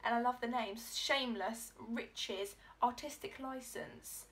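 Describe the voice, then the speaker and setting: A young woman hosting an excited beauty unboxing vlog, gasping and gushing as she talks. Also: a little high, takes it slowly, a little hiss or hum. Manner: gushing, gasping, lots of "oh my god". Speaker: beauty vlogger.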